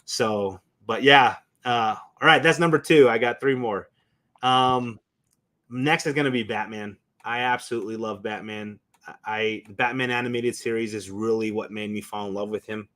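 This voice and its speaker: A man on a talk show as a guest, telling stories with excitement and emotion, often restarting his sentences. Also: on the low side, moderate pace. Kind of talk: casual chat.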